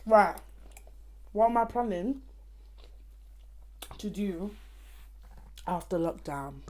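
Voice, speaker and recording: A woman's voice: medium pitch, lively intonation, slow pace, a little mellow. A young woman chatting playfully to her viewers between bites of food during a casual mukbang. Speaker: vlogger.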